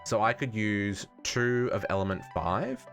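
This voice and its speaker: A man's voice: on the low side, measured pace, a bit bright, soft background music. A man with an Australian accent streaming a modded game, thinking aloud and correcting himself as he chats with viewers. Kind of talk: casual live-stream gaming chat.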